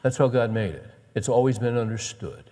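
A man preaching a sermon as pastor, folksy and animated, with soft chuckles. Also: mid-range voice, fairly quick, long reverb tail.

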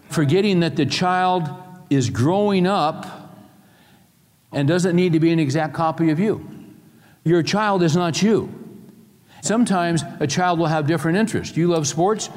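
A middle-aged man preaching a sermon to a room full of people, moving between emphatic points and quiet personal stories. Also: fairly high pitch. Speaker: pastor. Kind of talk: sermon to a live audience. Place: large room with an audience. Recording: long hall reverb.

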